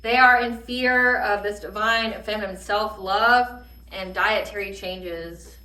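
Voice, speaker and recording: A woman's voice: medium pitch, steady tone, takes it slowly, pushed and bright, distant mic. A woman giving a channeled tarot reading in a heated, profane, emphatic rant. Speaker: tarot reader. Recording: roomy echo, voice a bit off-mic.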